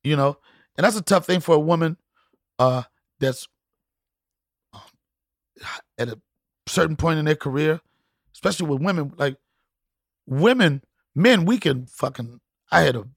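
A middle-aged man, a comedian guest, telling stories in casual chat with loud, profane, laughing punchlines. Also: a little high, expressive, normal speed, creaky, pauses often, no room sound, studio quality.

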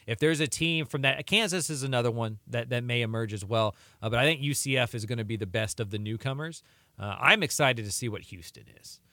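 Fast-talking bright-voiced man on sports chat. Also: mid-range voice, dry recording, clean studio sound. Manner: chatty, quick, peppered with "like" and "you know". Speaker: co-host. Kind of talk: casual sports talk.

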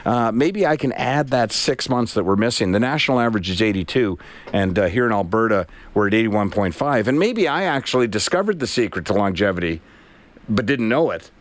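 A man's voice: on the low side, expressive, fairly quick, no echo. A man in his late fifties hosting an afternoon radio show, telling rambling, self-deprecating stories from the studio. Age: 50s. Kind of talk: casual on-air chat. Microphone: studio mic with headset.

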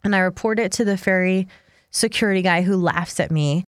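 An American woman in her thirties co-hosting a podcast, telling travel stories in an animated, rambling way full of "like" fillers. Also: on the low side, fairly quick, smooth, no echo, clean studio sound. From United States. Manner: animated storyteller, lots of "like" fillers. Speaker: podcast co-host. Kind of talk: casual chat, storytelling.

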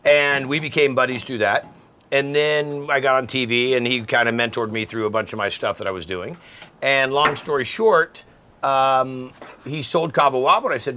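A man's voice: mid-range voice, brisk, sharp tone, a little hiss or hum. A man who is a guest chef and restaurateur, chatting casually while cooking and acting out the voices in his stories. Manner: chatty storyteller, acts out quoted voices.

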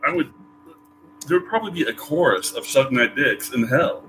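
Casting note: middle-aged man, mid-pitched and relaxed, easygoing podcast guest with dry humor. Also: normal speed, slight background noise, poor audio. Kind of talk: casual chat.

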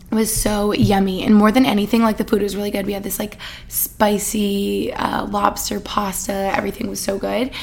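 A young woman hosting a podcast, chatting casually in a bubbly, rambling way, full of "like" and little laughs. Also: mid-range voice. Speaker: podcast host. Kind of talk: casual chat.

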